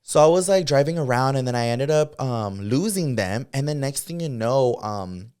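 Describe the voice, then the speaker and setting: A young man co-hosting a podcast, telling stories in an animated way, swearing freely and slipping into Spanish. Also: medium pitch, moderate pace, clear, resonant tone. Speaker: podcast co-host. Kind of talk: casual chat.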